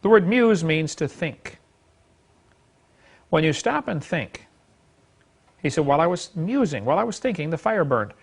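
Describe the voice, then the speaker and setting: Man lecturing a class, gravelly, fairly high voice, folksy, emphatic. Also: very animated, normal speed, long pauses. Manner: folksy and emphatic, chuckles, acts out quoted speech. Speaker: Bible teacher. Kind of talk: classroom lecture to a live audience.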